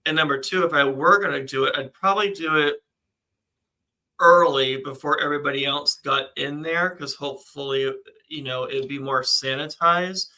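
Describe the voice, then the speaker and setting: A man's voice: on the high side, moderate pace, bright, forceful tone, poor audio. A man co-hosting a casual live chat, reading out news items and laughing often. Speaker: co-host.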